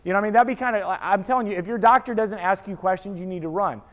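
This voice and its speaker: A man speaking to a live audience, telling stories and acting out quoted lines in an energetic talk. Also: high voice, rapid-fire. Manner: animated storytelling, acts out quoted voices. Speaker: speaker, apologetics teacher.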